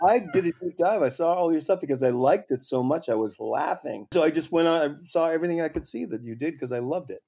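A man's voice: fairly high pitch, expressive, quick pace, gravelly, few pauses, mellow, slightly rough. A man hosting a casual chat, eagerly urging his guest on with brief, casually profane remarks. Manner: eager, encouraging, brief interjections, swears casually.

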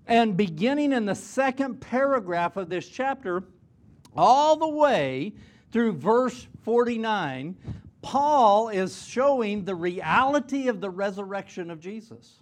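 A man's voice: high-pitched, expressive, takes it slowly. A man, middle-aged or older, preaching an earnest chapel sermon to students, often repeating a word as he starts a phrase. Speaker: college president preaching in chapel. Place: chapel service before students.

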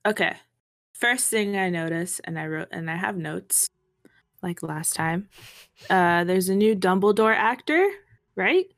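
A woman co-hosting a podcast in a relaxed, rambling way, full of fillers. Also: lowish voice, unhurried, no room sound. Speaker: podcast co-host. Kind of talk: casual podcast chat.

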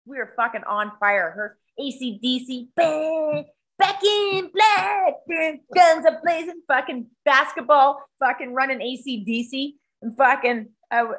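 Animated, foul-mouthed woman telling a story. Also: sits high, low-quality recording. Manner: animated, acts out other voices and sound effects. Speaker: storyteller in a conversation. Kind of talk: casual chat, swearing freely.

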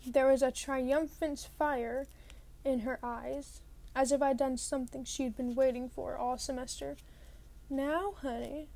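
A woman's voice: high voice, level tone, unhurried, creaky, mellow. A woman reading a novel aloud in the first person, narrating plainly and now and then rereading a line. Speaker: audiobook reader.

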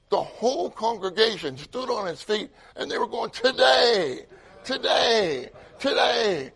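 An older man preaching a sermon, excitable and repetitive, swinging from loud emphatic lines to hushed asides. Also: on the high side, vocal fry, breathy edge.

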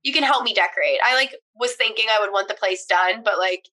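A woman's voice: medium pitch, fast, pushed and bright. A woman in her twenties from Pennsylvania, co-hosting a casual chat, talking easily with lots of "like" and casual swearing. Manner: chatty, filler-heavy with "like", casual swearing. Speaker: podcast co-host.

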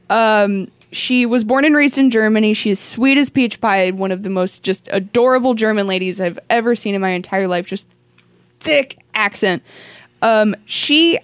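A woman's voice: medium pitch, no room sound. Giggly young woman telling stories. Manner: giggly, animated storytelling. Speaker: podcast co-host. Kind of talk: casual chat.

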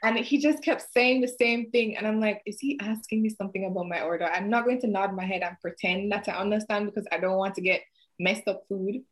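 A woman's voice: medium pitch, fairly even intonation, fairly quick. A woman with a Jamaican accent hosting a casual podcast chat, laughing often and slipping into patois. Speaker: podcast host.

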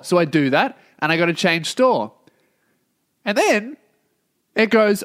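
Australian man, high voice, stuffy blocked nose, exasperated swearing rant, podcast host. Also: sing-song, unhurried, long pauses. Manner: ranting, exasperated, heavy swearing. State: blocked nose, sounds congested. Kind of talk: casual comedic monologue.

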